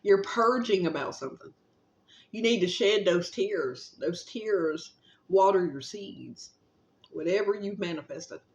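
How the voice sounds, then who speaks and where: A woman vlogger giving a casual, rambling spiritual pep talk, gently encouraging and affectionate, with plenty of fillers and a little casual swearing. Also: mid-range voice, lively intonation, measured pace. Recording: roomy, slightly dull recording.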